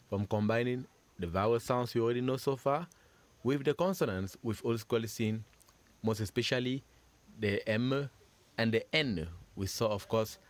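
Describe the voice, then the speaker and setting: A man teaching French pronunciation, patiently drilling sounds for the listener to repeat and praising each try. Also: no echo. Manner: patient, drills sounds, stresses syllables higher and louder. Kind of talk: slow repeat-after-me lesson.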